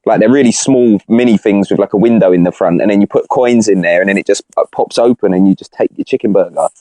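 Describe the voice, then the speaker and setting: A man's voice: fairly low pitch, fast talker, warm tone, no room sound. A young man on a podcast, chatting casually in rambling slang with lots of restarts. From Britain. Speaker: podcast co-host. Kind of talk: casual chat.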